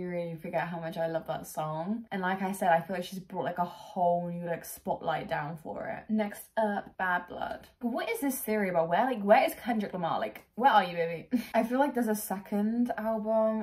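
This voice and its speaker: A woman's voice: medium pitch, a little mellow. A young woman gushing through a casual music reaction, full of fillers and little laughs. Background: music playing faintly.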